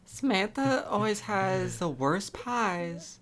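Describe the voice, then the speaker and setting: A man's voice: sits high, lively intonation, takes it slowly, fairly bright tone. Dry, laid-back male co-host. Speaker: podcast co-host. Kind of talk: casual comedy chat.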